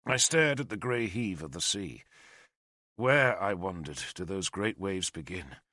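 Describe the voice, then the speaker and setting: A man's voice: low-pitched, animated, a little slow, sharp tone, no room sound, studio quality. A man narrating a historical novel in the first person, in a lyrical, storytelling manner. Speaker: audiobook narrator.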